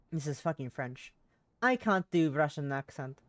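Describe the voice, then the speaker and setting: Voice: medium pitch, expressive, moderate pace, fairly bright tone, no echo. Casual live streamer narrating a game, self-mocking and profane. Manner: swears freely, laughs at own slips. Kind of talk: reading a visual novel aloud on stream.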